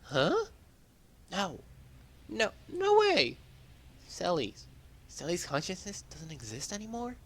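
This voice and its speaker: A man voicing a flustered young man who stammers and shouts in high, excited bursts. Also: slow, long pauses, exaggerated voice. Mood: alarmed.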